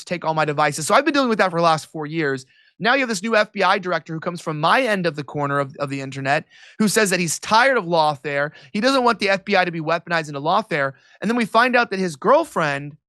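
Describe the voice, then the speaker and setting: Sharp, sarcastic high-voiced male commentator. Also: dry recording, clean studio sound. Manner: rapid, sarcastic, mocking. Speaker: political commentator, interview guest. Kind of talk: animated interview talk.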